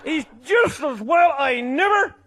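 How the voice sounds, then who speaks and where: High-voiced, rowdy man with a Newfoundland accent. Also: animated, a little slow, slight background noise. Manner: boisterous, often shouting and laughing mid-sentence. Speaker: comic storyteller. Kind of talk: comic tall-tale storytelling.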